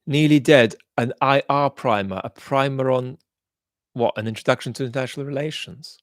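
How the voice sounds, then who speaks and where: A man's voice: medium pitch, moderate pace, no echo. Dry, hesitant male livestream host. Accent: mixed, traces of Australian and London. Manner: thoughtful, hesitant with many ums, blunt in judgement. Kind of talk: live chat commentary reading viewer comments.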